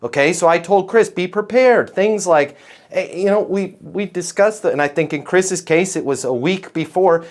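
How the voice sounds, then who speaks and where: A man coaching a group of salespeople in a live training session, talking in a folksy, animated way. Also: high-pitched, normal speed. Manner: acts out quotes in different voices.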